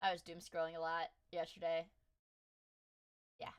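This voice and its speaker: A young adult woman streamer chatting casually while reacting to videos, playful and loud, swearing and often shouting. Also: lowish voice, completely flat delivery, moderate pace, clean tone.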